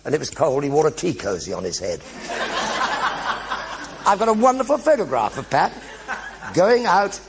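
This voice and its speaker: Older British male raconteur, gravelly voice, animated stage storytelling with quick impressions. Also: fairly high pitch, heavy background noise. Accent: British English. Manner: lively raconteur, mimics others' voices with sound effects. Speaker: actor telling stage anecdotes. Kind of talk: one-man stage show storytelling. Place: theatre stage.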